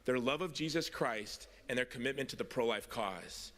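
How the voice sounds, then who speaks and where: A man's voice: medium pitch, lively intonation, moderate pace, a bit bright. A man giving a convention speech, telling stories with self-mocking humor. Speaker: convention speaker. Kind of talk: storytelling speech. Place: convention hall. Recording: long reverb of a hall.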